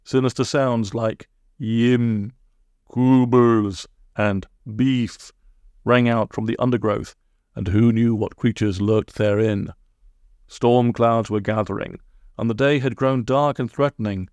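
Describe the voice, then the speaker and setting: A man's voice: mid-range voice, takes it slowly, clear, resonant tone, no echo. Dry-voiced man reading a storybook. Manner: comic, deadpan asides. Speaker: narrator.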